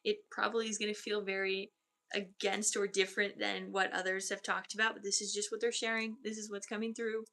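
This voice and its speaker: A woman energy healer giving a channeled healing session, relaying spirit messages softly and leading a guided grounding through the body. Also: mid-range voice, flat delivery, brisk, gravelly.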